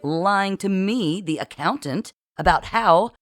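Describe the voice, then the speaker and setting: Bossy schemer who spins mutiny as management talk, read by the narrator; lively delivery. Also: mid-range voice, pitched above the performer's own voice. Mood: scheming. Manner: smooth corporate euphemisms, brisk orders. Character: scheming bossy woman, euphemistic, commanding.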